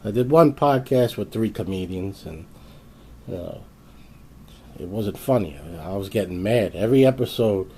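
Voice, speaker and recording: A man's voice: on the low side, expressive, normal speed, warm tone, slight background noise. A man hosting his own video channel, telling a story in a casual, exasperated rant full of restarts. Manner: exasperated, ranting, lots of restarts. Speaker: YouTube host.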